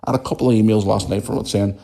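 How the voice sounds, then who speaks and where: Blunt, low-voiced British man ranting. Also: fairly even intonation, very fast, vocal fry, dark tone. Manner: blunt and emphatic, repeats himself. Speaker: podcast host. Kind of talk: opinionated solo podcast rant.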